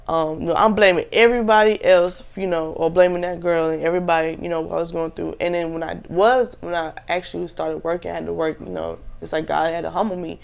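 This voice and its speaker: A woman's voice: lowish voice, steady tone, a little fast, vocal fry. A young woman in her twenties casually telling a personal story to viewers, candid and full of slang.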